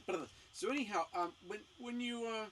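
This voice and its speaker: Guy telling a story on a show, bright lively voice, kinda far from the mic with some hiss. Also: high-pitched, brisk. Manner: animated, acts out voices in anecdotes. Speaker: missionary speaker, show host. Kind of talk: casual storytelling talk. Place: small home studio. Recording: distant mic, faint background noise.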